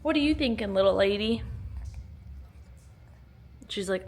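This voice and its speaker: Filming on a handheld phone at home while a storm goes on, a woman keeps up chatty, joking vlog talk with frequent laughter and casual swearing. Her medium-pitched voice has lively intonation and a measured pace with long pauses.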